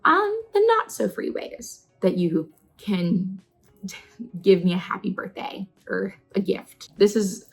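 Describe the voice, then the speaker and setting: A woman in her twenties talking casually to the camera in a personal vlog, chatty and earnest, her questions rising with excitement. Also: mid-range voice, slow, husky, soft background music, low-quality recording. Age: 20s. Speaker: vlogger.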